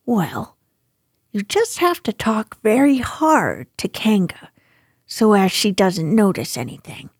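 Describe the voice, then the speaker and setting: A woman voicing a brisk, bossy male rabbit who is hatching a plan, in a storybook reading. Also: medium pitch, sing-song, breathy edge, no room sound, studio quality, full character voice.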